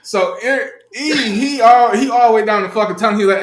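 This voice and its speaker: A man co-hosting a podcast, telling a story in a casual chat: animated and profane, laughing mid-sentence. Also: sits high, a little fast, echoey room. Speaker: podcast co-host.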